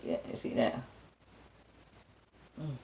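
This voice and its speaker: A woman's voice: slow, mellow, a little hiss or hum. Mumbling woman chatting between bites. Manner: talks between bites, chewing and humming mm sounds; addresses viewers directly and playfully. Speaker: mukbang vlogger. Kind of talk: casual eating show chat. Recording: roomy echo.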